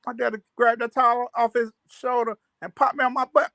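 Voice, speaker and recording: A man casually telling childhood stories on a livestream, animated and laughing, full of slang. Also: very high voice, normal speed, creaky, dry recording, clean studio sound. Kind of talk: casual storytelling chat.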